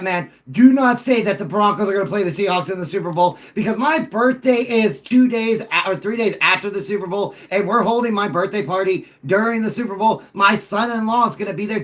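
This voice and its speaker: A middle-aged man hosts a sports talk show with a high, animated voice. He jokes and banters loosely with callers and gets excited easily. His delivery swings between playful and emphatic.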